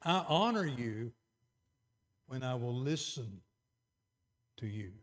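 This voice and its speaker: A middle-aged man preaching a sermon, moving between quiet, earnest emphasis and raised exhortation. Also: medium pitch, lively intonation, slow.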